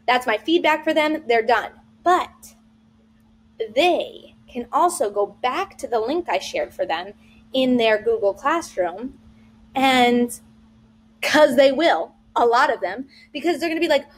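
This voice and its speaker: A woman's voice: fairly high pitch, lively intonation, unhurried, slightly rough. A woman Spanish teacher talking other teachers through an online lesson, bubbly and playful, mixing in Spanish phrases. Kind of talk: teacher vlog walkthrough.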